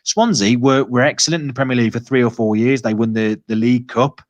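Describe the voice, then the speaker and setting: A man's voice: mid-range voice, fast talker, no echo. A man hosting a football podcast, chatting casually and hesitantly with many restarts. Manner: hesitant, lots of filler and restarts. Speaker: podcast host.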